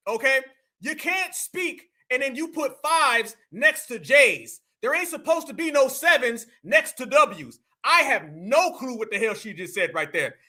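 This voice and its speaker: A man's voice: very high voice, sharp tone. An American man hosting a live stream, giving incredulous, slangy and mocking reaction commentary. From United States.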